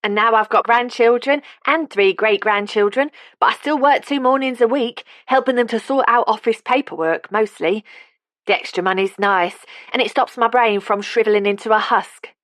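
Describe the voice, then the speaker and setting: A woman's voice: fairly high pitch, moderate pace, a bit bright, no room sound, pitched above the performer's own voice, lightly acted. A woman voicing a practical, no-nonsense elderly woman who speaks with a Cockney accent. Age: older.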